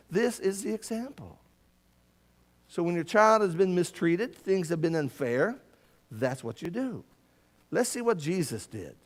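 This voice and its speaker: A man's voice: high voice, very animated, moderate pace. Earnest man teaching a church Bible class.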